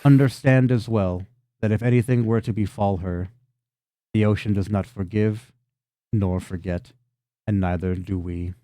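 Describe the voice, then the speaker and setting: Species: water elemental, ancient and solemn , voiced by a man. Delivery: slow, grave, hushed, in a low dark tone. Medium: tabletop game. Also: flat delivery, no echo, clean studio sound, natural voice.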